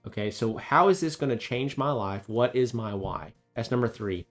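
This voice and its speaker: Man, thirties, business coach, emphatic motivational talk, mid-pitched voice, faint music underneath. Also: moderate pace. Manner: emphatic and motivational, rhetorical questions. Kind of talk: direct-to-camera coaching talk.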